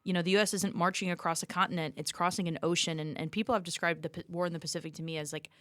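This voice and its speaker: A woman teaching history in an easygoing, chatty manner, her voice smooth and clear and sitting a little low. The sound is dry and close, with no room around it. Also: racing, no room sound. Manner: relaxed explaining, casual contractions. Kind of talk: conversational history lesson.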